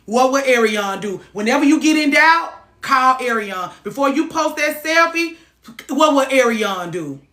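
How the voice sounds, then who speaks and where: A woman host talks in an animated way, swinging between loud bursts and low muttering, with frequent cussing. Her voice is bright and forceful and sits a little high, and the recording carries a roomy echo. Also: measured pace. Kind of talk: lively advice talk to a caller. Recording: echoey room.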